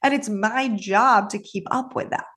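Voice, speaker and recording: A woman's voice: mid-range voice, a bit bright. Woman podcast host, chatty and upbeat, mid-range voice, solo coaching talk. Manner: upbeat, chatty, with quick asides.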